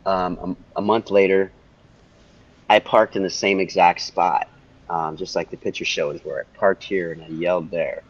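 Low-voiced man recounting a story, lo-fi. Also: moderate pace. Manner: animated, repeats phrases for emphasis. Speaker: interview guest. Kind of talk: telling a personal story. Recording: dull lo-fi audio.

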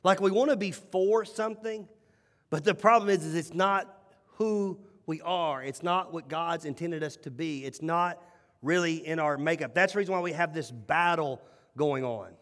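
A male pastor preaching a sermon with animated, emphatic storytelling and repeated phrases. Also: fairly high pitch, normal speed. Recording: long hall reverb.

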